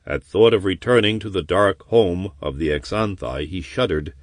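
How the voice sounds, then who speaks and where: A man's voice: deep voice, moderate pace, no room sound. A man narrating an audiobook expressively in a storytelling manner. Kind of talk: scripted narration.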